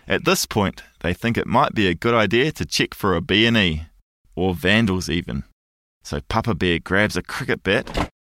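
A man telling a fairy tale aloud in a playful, expressive storytelling manner. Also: low-pitched. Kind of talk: animated fairy-tale narration.

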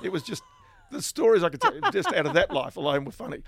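Gravelly Australian man telling yarns. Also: high-pitched, fast. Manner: animated anecdotal storyteller, chuckling asides. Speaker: guest, finance journalist. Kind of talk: casual storytelling interview.

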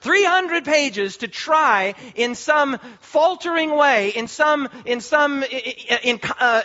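On a muffled, low-fidelity recording, a male pastor with a forceful, very high and bright voice delivers a fervent sermon. He drags out his pace and repeats phrases for emphasis.

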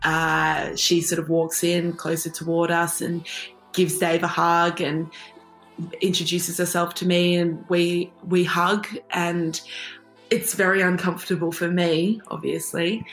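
A woman with a lowish voice tells her story as a podcast guest, wry and quick to laugh. Her voice sits in a roomy, echoey space. Faint music plays underneath. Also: little pitch movement, a bit bright. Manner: wry, laughs often while telling. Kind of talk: storytelling interview.

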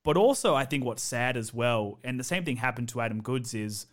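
A man hosting a casual podcast chat, opinionated and animated, speeding up and slowing down as he argues. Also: medium pitch. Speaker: podcast host.

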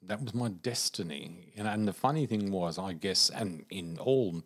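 A middle-aged man with an Australian accent tells his stories in an animated, easygoing way and laughs through them. His voice sits fairly low. He talks like someone chatting with a friend. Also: normal speed. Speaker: psychic, podcast guest. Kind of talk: conversational storytelling.

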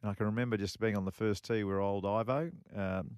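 A man's voice: fairly low pitch, steady tone, fast, a little mellow, clear, resonant tone, no echo, clean studio sound. A middle-aged man co-hosting a radio chat, telling long rambling stories full of repeats and fillers. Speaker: co-host and former pro golfer. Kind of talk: casual radio chat, storytelling.

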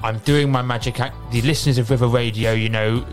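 A man hosting a radio show, rambling and joking, stammering when excited. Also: medium pitch, fast talker, soft background music. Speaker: radio host. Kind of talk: playful radio banter.

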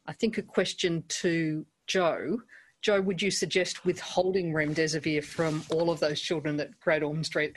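Panel moderator, brisk, reads out chat questions. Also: medium pitch, low-quality recording. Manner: brisk, hands over the floor. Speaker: session moderator.

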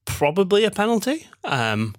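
A man's voice: high-pitched, very animated, moderate pace, dry recording, clean studio sound. A man hosting a casual sports betting podcast, rambling and self-deprecating with lots of ums. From Manchester, England. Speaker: podcast host.

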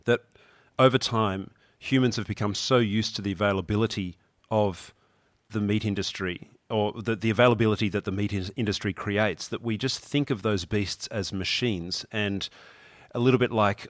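A man's voice: on the low side, steady tone, normal speed, no room sound. A man hosting an interview who asks thoughtful, probing questions, sometimes restarting his sentences. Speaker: podcast host.

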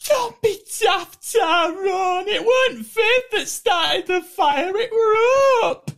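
Shrill, crying northern soap heroine. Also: male voice, lively intonation, slow, fairly bright tone, full character voice. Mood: tearful, shouting. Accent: Northern English. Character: tearful shouting young northern soap heroine. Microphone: video call.

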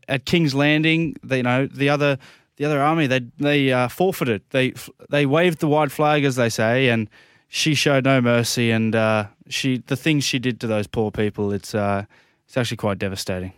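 A man co-hosting a radio show, talking in a mock-earnest, deadpan way. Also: mid-range voice, clear, resonant tone, no echo, studio quality. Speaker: co-host. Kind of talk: casual radio chat.

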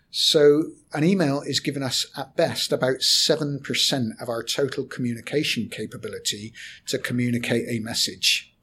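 A man, a corporate trainer explaining communication in a podcast discussion, measured and hesitant at times. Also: mid-range voice, fairly bright tone, a little hiss or hum.

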